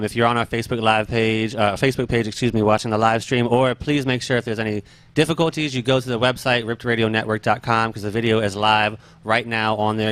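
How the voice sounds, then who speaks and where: A man hosts a casual radio interview in an enthusiastic, chatty way. His voice sits at a middling pitch, and he leans on filler words as he gushes over his guest. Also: fairly bright tone, clean tone. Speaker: radio show host.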